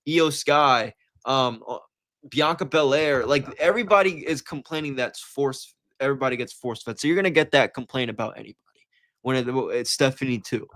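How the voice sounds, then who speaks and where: A man's voice: medium pitch, a little fast, fairly bright tone, no room sound, studio quality. A man co-hosting a casual podcast, hesitant and often trailing into "I don't know". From USA. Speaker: co-host. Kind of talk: casual wrestling podcast chat.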